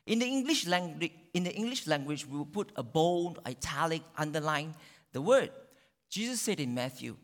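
A male pastor preaching a sermon, dramatic, with sudden loud peaks and drawn-out phrases. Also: on the high side, big pitch swings. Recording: long reverb of a large hall.

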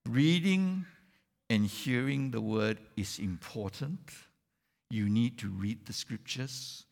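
A man delivers a sermon at an unhurried pace and asks the congregation questions as he goes. His voice has a gravelly edge. The sound carries a long hall reverb. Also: medium pitch, darkish tone. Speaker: preacher.

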